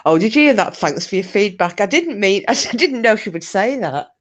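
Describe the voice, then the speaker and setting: A woman from Scotland hosting a casual live chat with viewers, talking in a jokey, rambling way with lots of fillers and restarts. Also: on the high side. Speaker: live stream host.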